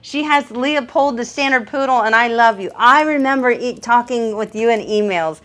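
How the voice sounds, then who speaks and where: Reading comments aloud during her live stream, the middle-aged dog groomer sounds excitable and effusive, breaking into frequent laughter. Her voice is a little high and her pace normal.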